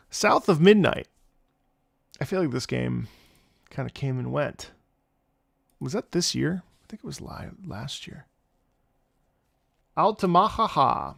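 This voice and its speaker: A man reacting to game music, gushing emotionally in halting, restarting phrases. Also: a little high, animated, gravelly, fairly bright tone, dry recording. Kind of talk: casual reaction commentary.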